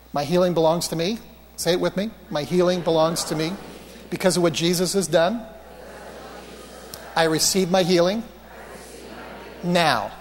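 High-voiced male preacher in a reverberant hall. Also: slight background noise. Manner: anecdotal, animated, self-mocking humor. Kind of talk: storytelling sermon.

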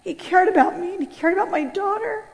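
High-voiced woman telling her story in a hall. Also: quick pace. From California. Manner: animated, swings between loud outbursts and hushed low passages. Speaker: speaker giving a personal testimony. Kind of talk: emotional storytelling testimony. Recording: long hall reverb.

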